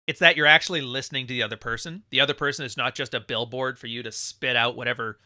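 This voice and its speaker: A man hosting a live stream, ranting and swearing as he mocks people. His voice is sharp and bright and sits at a middle pitch. The sound is dry and close, with no room echo. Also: brisk. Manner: profane, mocking, mimics others in high voices. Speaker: podcast host. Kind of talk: livestream podcast rant.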